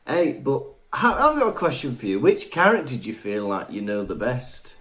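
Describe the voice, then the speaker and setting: A man's voice: mid-range voice, normal speed. A man co-hosting a podcast in casual, joking chat. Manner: joking, lively, often laughing. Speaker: podcast co-host.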